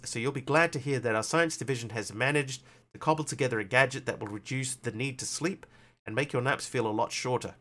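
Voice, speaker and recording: A man streaming a survival game, chatting casually and reading story text aloud with theatrical flair. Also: medium pitch. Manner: animated, jumping between chatty asides and theatrical reading.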